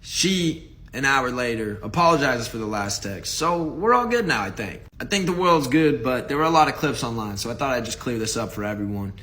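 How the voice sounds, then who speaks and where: A man in a casual video monologue who tells his side of a story in an animated, mocking way and laughs it off. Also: mid-range voice, a little fast.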